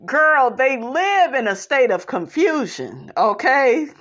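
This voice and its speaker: A woman's voice: sits high, very animated, slow, fairly bright tone, muffled recording. A woman vlogger recapping a reality show in blunt, sassy, profane casual commentary, calling viewers "honey".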